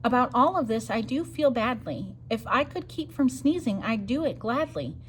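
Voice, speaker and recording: A woman's voice: a little high, big pitch swings, moderate pace, a little hiss or hum. A woman voicing a big apologetic male elephant in a storybook, pleading in rhyme. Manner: pleading, rhyming storybook speech.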